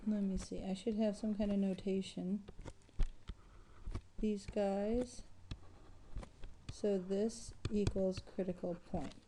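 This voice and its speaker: Mellow-voiced woman talking through a math problem. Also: medium pitch, slight background noise. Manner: thinking aloud, self-correcting, pointing at a graph. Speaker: math professor. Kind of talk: recorded exam review lecture.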